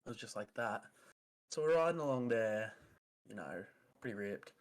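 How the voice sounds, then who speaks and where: A man's voice: fairly low pitch, expressive, moderate pace. A man co-hosting a podcast, chatting casually and telling rambling, easily sidetracked stories. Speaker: podcast co-host. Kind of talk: casual chat.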